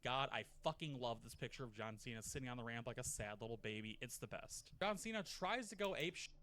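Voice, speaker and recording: Man, casual narration, profane, animated, mid-pitched voice. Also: fairly quick, a little hiss or hum. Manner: profane, animated storytelling with mock quotes. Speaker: narrator of a wrestling rebooking video. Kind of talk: casual scripted commentary.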